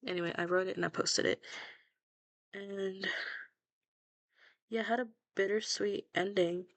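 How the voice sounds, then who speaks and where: A woman's voice: mid-range voice, steady tone, measured pace, no room sound. A young woman chatting casually about her own fan fiction, blunt and self-mocking, swearing freely and laughing at herself. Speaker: fanfiction writer scrolling her own archive.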